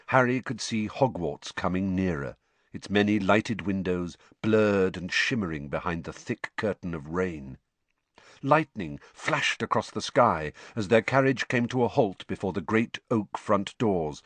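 A man narrating an audiobook in an animated storytelling manner. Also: fairly low pitch, no echo. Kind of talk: scripted narration.

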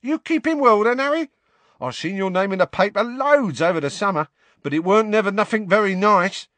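High, gabbling young conductor, slangy and eager; storybook. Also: male voice, lively intonation, fairly quick, bright, forceful tone, no echo. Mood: gossipy. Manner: chatty slangy working-class dialect. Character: eager young male bus conductor, chatty.

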